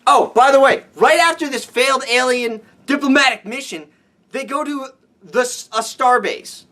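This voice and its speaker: A man giving a ranting film review for his vlog, animated and exasperated, swearing freely. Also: very high-pitched, normal speed. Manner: animated, exasperated, profane, with frequent restarts.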